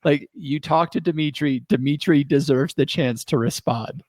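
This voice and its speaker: Man jumping in with quick interruptions. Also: fairly high pitch, darkish tone, no echo. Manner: interjecting, retelling with quick asides. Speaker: podcast co-host. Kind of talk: casual chat.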